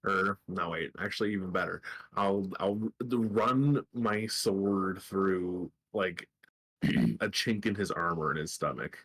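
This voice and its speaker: A man's voice: low voice, slow, fairly bright tone, breathy edge. A man playing a tabletop role-playing game, talking through his moves in a hesitant, thinking-aloud way. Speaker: player.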